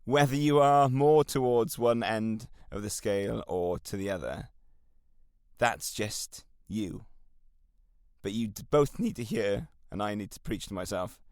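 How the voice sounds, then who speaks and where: Welsh male podcast host, lowish voice, dry close sound, earnest and encouraging coach. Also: measured pace, darkish tone, dry recording. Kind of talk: solo podcast monologue.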